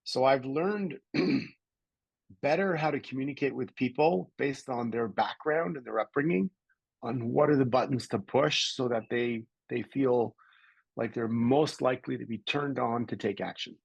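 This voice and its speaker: Gravelly middle-aged Canadian man. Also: mid-range voice, measured pace, dry recording, highs cut off. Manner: animated storyteller acting out quoted voices. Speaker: podcast guest. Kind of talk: conversational storytelling.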